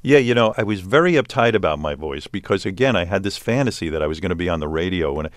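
A man's voice: deep voice, fast talker, dry recording, studio quality. A man in his sixties with a New York accent, a radio host telling stories as a guest in an interview, with many restarts. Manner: animated storytelling, many restarts. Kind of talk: casual interview talk.

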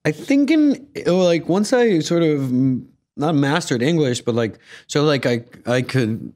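A man's voice: on the high side, lively intonation, unhurried, darkish tone. A young man from Guatemala, an actor and comedian, chatting playfully in an interview with lots of fillers and laughs. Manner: playful, laughing, filler-heavy, acts out voices. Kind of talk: casual interview.

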